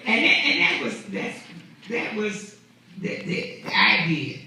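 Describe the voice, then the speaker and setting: High, lively preacher in an echoey church. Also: male voice, extremely slow, pauses often, far from the mic, slight background noise. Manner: conversational, repeats words and restarts. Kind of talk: sermon. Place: church sanctuary.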